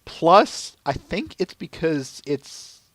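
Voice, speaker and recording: A man's voice: on the high side, big pitch swings, slow pace, a bit bright, dry recording. A man hosting a casual podcast chat, searching for words as he talks. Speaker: podcast host.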